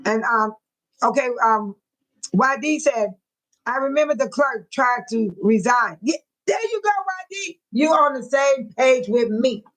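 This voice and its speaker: Woman, fairly high voice, casual livestream chat, reads comments aloud. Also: lively intonation, unhurried, low-quality recording. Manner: chatty, talks straight to chat, reads viewer comments aloud. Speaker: livestream host.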